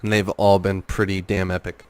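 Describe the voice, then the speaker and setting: Young guy on a podcast, lowish smooth voice, dry close sound, keeps restarting his sentences. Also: flat delivery, moderate pace, a little mellow, no echo. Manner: rambling storyteller, many fillers and restarts. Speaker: guest. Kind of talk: casual podcast interview.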